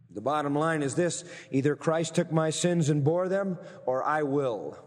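Emphatic preacher in a reverberant hall. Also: male voice, fairly high pitch. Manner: emphatic, slows down to stress key phrases. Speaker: pastor. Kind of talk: sermon.

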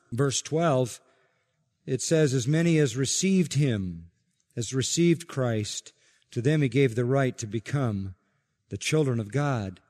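A man preaching an expository sermon as pastor, emphatic, repeating key phrases and slowing down to stress them. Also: mid-range voice, darkish tone, big-room sound.

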